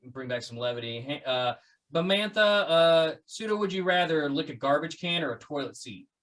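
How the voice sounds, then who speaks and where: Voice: medium pitch, moderate pace. A podcast host in casual chat, joking and playful as he wraps up the show. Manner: playful, jokey, lively sign-off.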